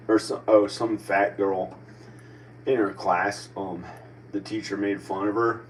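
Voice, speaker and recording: A man's voice: on the low side, fairly even intonation, a little slow. A man in his forties with an American country accent, musing in a meandering, self-questioning monologue full of restarts. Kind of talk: rambling personal monologue. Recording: distant mic with faint background noise.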